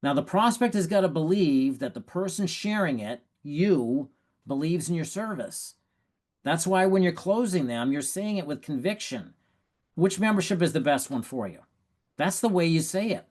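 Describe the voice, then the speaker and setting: A man giving sales coaching tips in a lively, animated way, acting out prospects' lines and laughing at his own stories. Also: on the high side, normal speed. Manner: animated, acts out prospects and quotes. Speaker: sales trainer. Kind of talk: coaching talk.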